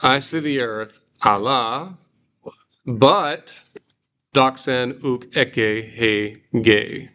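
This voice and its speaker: A man's voice: mid-range voice, very slow, pushed and bright, smooth. A man leading a guided reading class, explaining step by step with frequent fillers and restarts. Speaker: Greek teacher.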